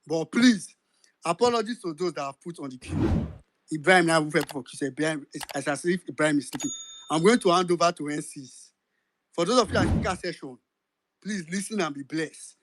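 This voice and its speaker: A man's voice: a little high, a little fast, a bit bright, slight background noise. A Nigerian man with a Nigerian accent hosting and moderating a political audio chat, giving directions and slipping into pidgin. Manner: directive, code-switching into pidgin. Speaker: host of an audio chat room.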